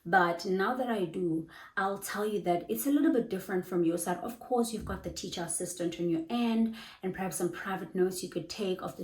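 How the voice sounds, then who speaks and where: A woman's voice: medium pitch, echoey room, low-quality recording. Bubbly woman tutor. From South Africa. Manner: bubbly, lively, acts out dialogues. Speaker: online English tutor. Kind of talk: casual teaching advice vlog.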